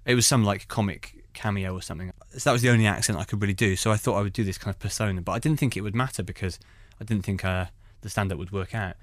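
A man, a stand-up comedian, telling anecdotes in an animated way. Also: lowish voice, fast, hardly any pauses, dry recording, studio quality. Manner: animated storytelling. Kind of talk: conversational anecdotes.

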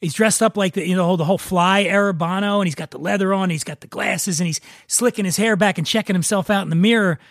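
A chatty man with a high voice hosts a casual podcast, telling jokes and stumbling over quick restarts. His voice is dry and close, with no room sound around it. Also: fairly bright tone, no echo. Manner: chatty, stammering restarts, laughs at own jokes. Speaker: podcast host. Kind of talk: casual chat, joke telling.

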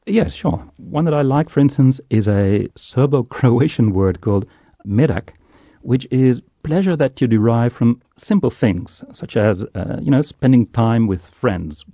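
A man, a linguist and journalist, answers interview questions in a patient, thoughtful way with small hesitations. His voice is very dark and gravelly, with some huskiness. He sounds dry and close to the mic. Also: medium pitch, lively intonation, a little slow, dry recording. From the Netherlands. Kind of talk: interview over a studio line.

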